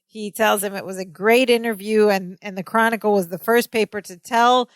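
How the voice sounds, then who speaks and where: A woman co-hosts a casual podcast and retells a sitcom episode, acting out the characters' lines. Her voice sits at a mid pitch. The recording is dry and close. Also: fairly even intonation, normal speed, no echo. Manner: narrates plot, acts out characters' lines. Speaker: podcast co-host. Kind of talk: casual chat recapping a sitcom.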